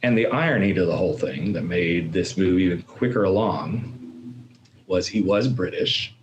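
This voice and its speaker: A middle-aged man as a podcast guest, telling a personal story in an animated way and acting out his own inner voices. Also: deep voice, normal speed, dull audio, background noise.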